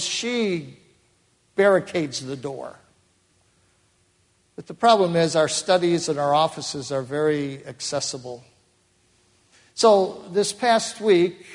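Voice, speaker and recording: A man pastor telling a story in a sermon, acting out the voices of the people in it. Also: a little high. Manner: storytelling, acts out quoted voices. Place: church sanctuary. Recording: long hall reverb.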